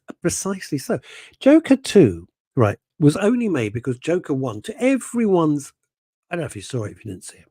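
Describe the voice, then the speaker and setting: A man's voice: on the high side, huge pitch swings, fairly quick, dark tone, husky, dry recording, studio quality. A middle-aged man hosting a radio show, chatting casually in a rambling, self-interrupting way and reading out listener messages.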